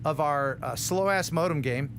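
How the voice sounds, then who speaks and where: A man's voice: a little high, moderate pace, noisy background. Playful man hosting a live stream. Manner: playful, hesitant, lots of ums and restarts. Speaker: host. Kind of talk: casual live-stream chat.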